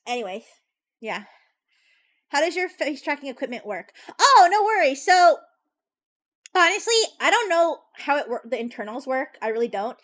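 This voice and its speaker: A young woman chatting casually on a live stream as a VTuber, teasing her chat and laughing between quick asides. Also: high voice, very animated, fairly bright tone.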